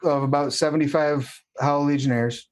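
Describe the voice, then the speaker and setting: A man acting as game master of a tabletop game, explaining rules and options patiently and in a measured way. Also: fairly high pitch, steady tone. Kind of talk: running a tabletop game online.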